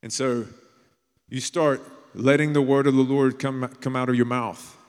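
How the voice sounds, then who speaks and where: A man preaching a sermon as a pastor, earnest and plain-spoken, sometimes dropping to a hushed storytelling tone. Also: medium pitch, steady tone, moderate pace, clear, resonant tone. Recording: long reverb of a large hall.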